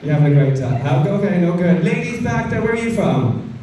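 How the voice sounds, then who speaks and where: A man's voice: sits high, lively intonation, fairly quick, mellow, a little hiss or hum. An Irish man doing stand-up, teasing the audience with profane, cheeky crowd work. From Ireland. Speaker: stand-up comedian. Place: comedy club stage. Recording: echoey club from far off. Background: laughing crowd.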